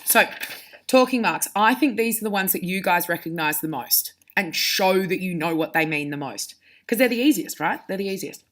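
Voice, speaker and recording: A woman teacher giving a recorded lesson to her pupils. She explains step by step in a clear, direct way, speaking straight to the students. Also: fairly low pitch, expressive, normal speed, fairly bright tone.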